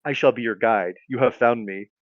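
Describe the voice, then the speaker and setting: A man's voice: medium pitch, brisk, dry recording, dull audio, lightly acted. A man voicing a tiny talking male dog who is an earnest, insistent spirit guide.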